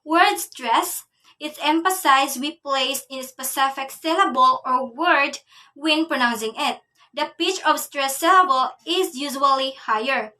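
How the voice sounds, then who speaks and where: A young woman giving a class report, reading from her notes in a measured way. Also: high-pitched, bright, forceful tone, recorded from a distance. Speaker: student presenter.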